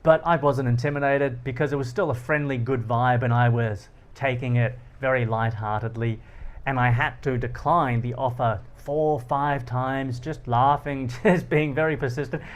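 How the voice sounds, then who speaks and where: A man hosting a philosophy talk, explaining ideas through personal stories, animated and often laughing. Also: medium pitch, normal speed. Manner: animated, laughs often, acts out quoted lines. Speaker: philosophy channel host. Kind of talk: explanatory monologue with personal anecdotes.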